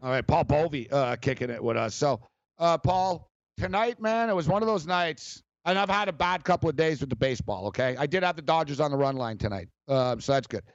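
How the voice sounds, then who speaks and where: Male sports radio host, fairly high voice, rambling and animated; dry, slightly muffled sound. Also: fairly quick, no echo. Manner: rambling, animated, laughs often, many fillers. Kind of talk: casual sports talk.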